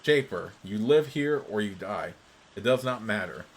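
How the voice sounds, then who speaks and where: A man voicing a defiant female rebel soldier who speaks in a calm, cold way, read aloud from a game. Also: on the low side, moderate pace, slightly rough, rough recording. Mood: calm defiance.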